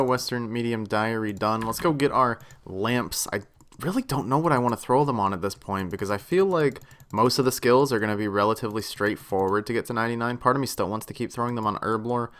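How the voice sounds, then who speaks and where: Running commentary on his own play comes from a young gaming channel host who keeps it casual and talkative. His voice drops to quiet muttering before erupting in excited outbursts.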